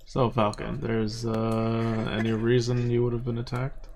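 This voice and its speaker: A man with a gravelly, creaky voice chatting casually as a tabletop game player. He trades quick jokes and questions with the table. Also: mid-range voice, monotone, a little mellow, slight background noise.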